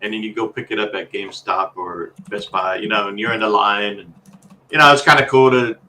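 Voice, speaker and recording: A man co-hosting a gaming podcast who talks in a relaxed, reflective way, pausing and restarting often. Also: lowish voice, a little hiss or hum, low-quality recording. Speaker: podcast co-host. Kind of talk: casual gaming news chat.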